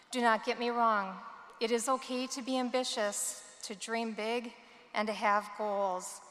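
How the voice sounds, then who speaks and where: A woman giving a prepared commencement speech from a podium microphone, measured and earnest. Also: fairly high pitch. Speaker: student commencement speaker. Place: large hall. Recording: long hall reverb.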